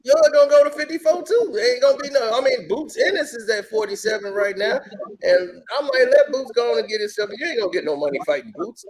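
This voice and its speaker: A man's voice: extremely high pitch, expressive, fast. A man telling stories in casual chat, acting out quotes in shifting voices and laughing often. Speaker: podcast guest telling stories.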